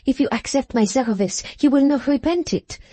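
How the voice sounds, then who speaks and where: A woman voicing an intense young French lady's maid in an audiobook, speaking in a low, subdued, earnest way with a French accent. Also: normal speed, mellow, no room sound. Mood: earnest pleading. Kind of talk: audiobook character voice.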